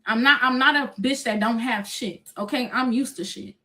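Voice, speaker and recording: Young woman, highish voice, cussing nonstop while she tells the whole messy story. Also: moderate pace. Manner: profane, animated retelling, acting out quotes. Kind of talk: casual storytelling to viewers.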